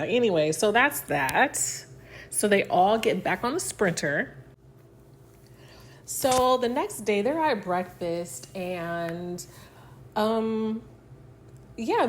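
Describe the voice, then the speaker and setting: A woman's voice: medium pitch, a little hiss or hum. A woman casually recapping a reality TV episode, chatty and full of fillers, acting out what the cast said. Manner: chatty, filler-heavy retelling that acts out quotes.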